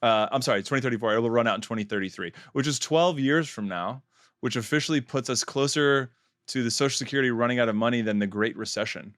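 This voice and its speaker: A man's voice: mid-range voice, quick pace, fairly bright tone, no echo. Man, podcast co-host, casual chat, sarcastic, laughs a lot, dry close sound. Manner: joking, sarcastic, laughs often.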